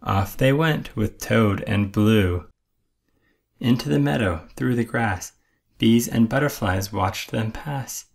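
Slow, gravelly storytime dad. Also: male voice, on the low side. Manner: gentle, rhythmic rhyming delivery. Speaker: children's storyteller. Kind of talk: bedtime read-aloud.

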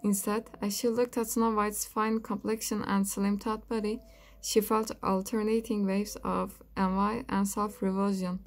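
Gravelly woman reading a comic storybook. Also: mid-range voice, flat delivery, unhurried. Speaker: audiobook narrator.

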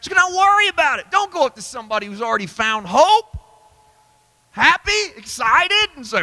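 A man preaching a sermon at a church Bible study, emphatic and folksy, dropping to low asides and climbing to high exclamations. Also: animated, a little fast, bright, forceful tone, no room sound. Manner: folksy, self-deprecating humor. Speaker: pastor.

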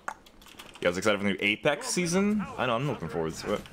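Wildly animated trash-talking young man. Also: lowish voice, a little fast, noisy background. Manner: trash-talking, profane, jokey. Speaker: gaming content creator. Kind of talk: live gameplay commentary.

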